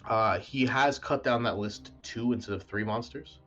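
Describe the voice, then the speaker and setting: A man's voice: mid-range voice, normal speed, fairly bright tone, muffled recording, soft background music. A man narrating a tabletop game as game master in a casual, filler-heavy way.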